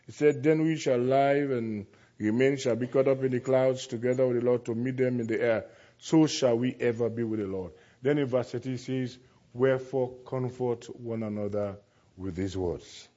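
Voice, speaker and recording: A man preaching a sermon emphatically, slowing to stress key words and dropping to quiet asides, in a dull lo-fi recording. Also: medium pitch. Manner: emphatic, swings from loud declaiming to quiet asides.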